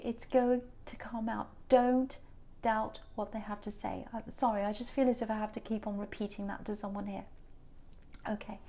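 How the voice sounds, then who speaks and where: A woman's voice: on the high side, darkish tone. A woman giving a tarot reading to camera, earnest and repeating herself for emphasis. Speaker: tarot reader.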